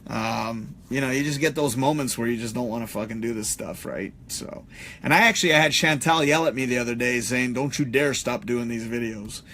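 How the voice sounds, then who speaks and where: A middle-aged man chatting on a live stream in a loose, rambling way. He swears freely and fills his talk with "uh" and "you know". His voice sits at an ordinary middle pitch. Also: fairly quick, bright, forceful tone, a little hiss or hum. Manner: rambling, profane, many fillers. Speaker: podcast host. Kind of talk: casual live-stream chat.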